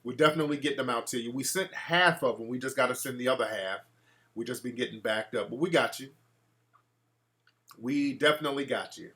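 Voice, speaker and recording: A man's voice: mid-range voice, a little fast, a bit bright. A man hosting a casual call-in show, talking in a brash, profane way and reacting to his live chat. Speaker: talk show host.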